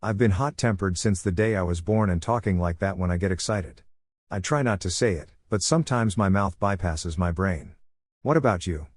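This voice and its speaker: A man's voice: sits low, moderate pace, dry recording, clean studio sound. Kushina, a man reading as a kind mother. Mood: gentle. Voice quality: soft-spoken, kind. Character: hot-tempered, loving young mother spirit.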